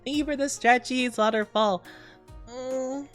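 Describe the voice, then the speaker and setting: A woman's voice: high-pitched, fairly even intonation, measured pace, soft background music. A woman streamer chatting casually with her live chat, rambling and giggling often, tired and yawning. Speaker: VTuber streamer.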